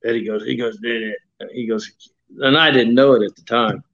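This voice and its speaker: A man's voice: medium pitch, steady tone, moderate pace, a bit bright, highs cut off. Folksy older man telling stories. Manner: folksy, acts out quoted voices, many fillers. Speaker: retired pro wrestler, interview guest. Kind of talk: shoot interview storytelling.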